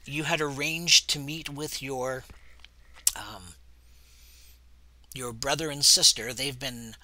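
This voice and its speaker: A man narrating a tabletop role-playing game as game master in a relaxed, hesitant way. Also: medium pitch.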